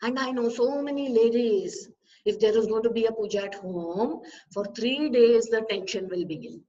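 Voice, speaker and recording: A woman, a spiritual teacher, giving an expressive discourse full of rhetorical questions to her listeners. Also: on the high side, moderate pace, a little hiss or hum. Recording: distant, slightly dull recording.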